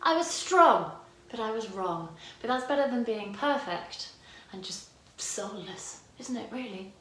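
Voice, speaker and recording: A woman's voice: fairly high pitch, lively intonation, measured pace, fairly bright tone, reverberant. A woman choir director teaching parts by singing them, her voice tired today. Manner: demonstrates lines by singing, chatty and self-correcting. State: tired voice, using head voice.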